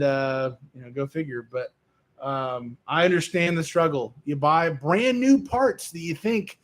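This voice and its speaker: A man hosting a casual livestream, reading viewer comments aloud and answering them in a relaxed, rambling way with plenty of fillers and restarts. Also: fairly high pitch. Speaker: livestream host answering chat. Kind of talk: casual live chat.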